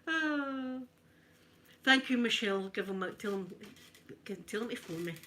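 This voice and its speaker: A Glaswegian woman in her fifties, chatting softly in an ASMR video while ironing, telling lively stories and answering viewers in broad Scots. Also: on the high side, normal speed. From Scotland. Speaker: ASMR creator. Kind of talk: soft-spoken ASMR chat while ironing.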